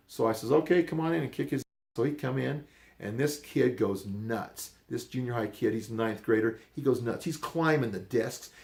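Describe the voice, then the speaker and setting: An older man tells a story in a loose, rambling way and says things bluntly. His voice sits a little low, with a gravelly edge. He slips into the voices of the people in the story as he goes. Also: darkish tone. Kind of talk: casual storytelling.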